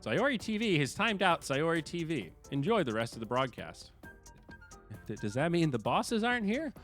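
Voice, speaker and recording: A man hosting a game stream, chatting casually and excitably, swearing and laughing at his losses. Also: fairly high pitch, normal speed, soft background music. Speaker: stream host and commentator.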